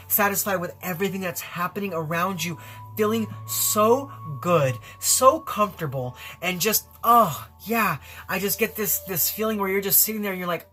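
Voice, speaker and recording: A man's voice: sits high, bright, forceful tone. A man giving a spiritual tarot reading in an effusive, rambling way, full of fillers and repeated phrases. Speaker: tarot reader.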